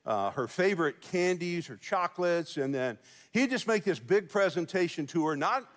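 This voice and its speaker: A man with a fairly high voice preaches to a congregation, spinning a folksy, joking story and laughing between lines. His voice rings through a large church hall with a long echo. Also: expressive, moderate pace. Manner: folksy storytelling with jokes and chuckles. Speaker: pastor. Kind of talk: sermon. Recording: big reverberant church hall.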